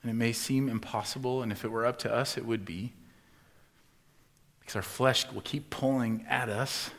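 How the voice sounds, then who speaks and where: A man preaching a sermon as pastor, acting out the voices of the people he quotes and swinging from loud to hushed. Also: mid-range voice, fairly even intonation, moderate pace.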